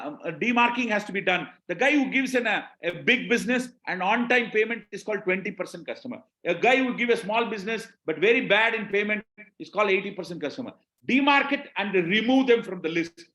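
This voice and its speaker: A man's voice: sits high, a bit bright, roomy sound. A man from Tamil Nadu with an Indian English accent, giving a business training talk, repeating points and often checking that the audience is with him. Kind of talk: live webinar talk.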